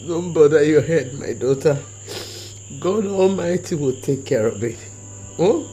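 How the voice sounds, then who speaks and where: A woman's voice: sits low, lively intonation, unhurried, warm tone, faint music behind, low-quality recording. An actress with a Nigerian accent playing a crying mother who keeps insisting she is fine. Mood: tearful. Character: grieving mother fearing for her life. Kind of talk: film drama acting.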